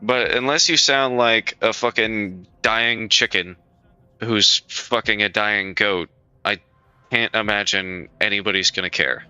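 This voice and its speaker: A man's voice: fairly low pitch, measured pace, sharp tone, clear, resonant tone, dry recording. A man streaming live, talking casually to his chat in a blunt, profane way, repeating himself as he reassures viewers. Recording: dull lo-fi stream audio, faint music.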